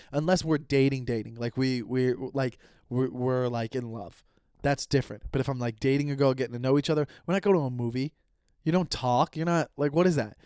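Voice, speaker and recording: A man in his thirties hosting a solo podcast, rambling and animated as he rants, swearing casually. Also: a little high, smooth, no echo, clean studio sound. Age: 30s. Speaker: podcast host. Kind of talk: solo comedic podcast rant.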